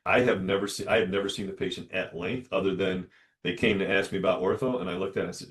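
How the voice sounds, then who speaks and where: Male dentist host, low-ish voice, animated solo storyteller who voices the people in his tale. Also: fast talker. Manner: animated, acts out dialogue in lively voices.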